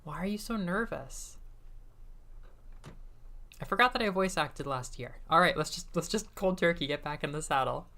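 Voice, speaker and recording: A woman's voice: lowish voice, animated, moderate pace, long pauses, bright, forceful tone. A woman streamer giving casual, self-mocking commentary while she plays a game. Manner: chatty, self-mocking, giggly asides. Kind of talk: casual let's-play commentary.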